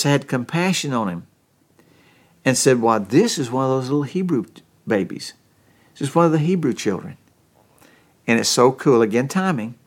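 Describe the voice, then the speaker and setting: A middle-aged man preaching a sermon, telling stories in a folksy way with frequent restarts. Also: mid-range voice. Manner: folksy storytelling with many restarts. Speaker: pastor.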